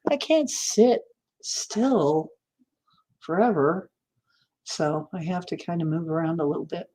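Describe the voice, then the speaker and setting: A woman hosts a livestream, chatting casually with viewers, greeting them by name and laughing often. Her voice is fairly low and warm, and she speaks a little slowly.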